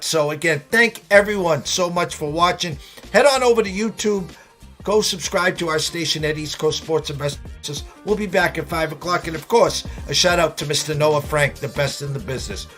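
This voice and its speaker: A male show host with a Boston accent talks in a chatty, self-deprecating, upbeat way. His voice sits a little above the usual male range, and he drops his R's as he rattles through his plugs and shout-outs. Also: fairly high pitch. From Massachusetts. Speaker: sports betting show host. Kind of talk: casual live show talk.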